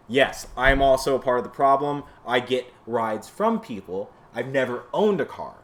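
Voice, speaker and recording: A man hosting his own show, delivering a heated, profane rant to a camera, swinging from shouting to low muttering. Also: big pitch swings, moderate pace. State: sweaty from exertion. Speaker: podcast host. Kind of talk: solo ranting commentary to camera. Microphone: camera mic.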